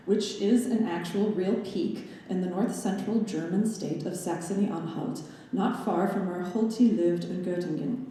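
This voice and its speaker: A young adult woman presents a scholarly graduate lecture recital with slide analysis, dropping in wry, playful asides. Her medium-pitched voice is dark and measured, with the roomy reverb of the recital hall around it.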